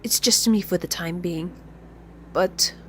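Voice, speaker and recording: A woman voicing a gentle, devoted female train engine in a fan audio drama, speaking earnestly and with feeling. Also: on the low side, slow, slight background noise. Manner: earnest and heartfelt, emotional. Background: music.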